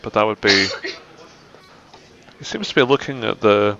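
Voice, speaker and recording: A man's voice: on the low side, normal speed, a bit bright. A man co-commentating live snooker, mixing shot analysis with dry, joking asides. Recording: dull, slightly muffled sound.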